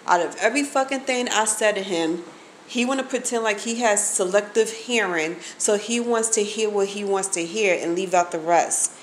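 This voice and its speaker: A woman at a middle pitch rants to her camera, emphatic and profane, calling out to her viewers again and again. The recording carries a clear layer of background noise. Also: moderate pace, low-quality recording. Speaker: vlogger. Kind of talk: angry venting to camera.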